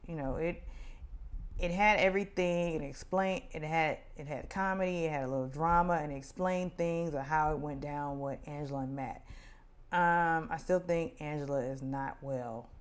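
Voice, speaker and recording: Woman, low voice, chatty and opinionated, casual TV recap host. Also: normal speed. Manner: chatty, opinionated, mimics people in a high voice. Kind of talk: casual commentary.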